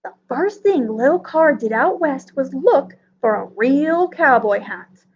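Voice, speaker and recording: Children's librarian at story time, woman, high and expressive, muffled lo-fi audio. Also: a little slow, slight background noise.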